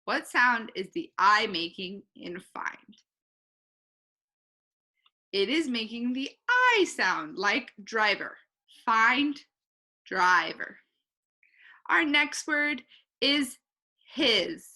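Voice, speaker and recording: A woman teacher giving a recorded online phonics lesson, talking slowly and clearly and saying each word twice. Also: fairly high pitch, big pitch swings, sharp tone.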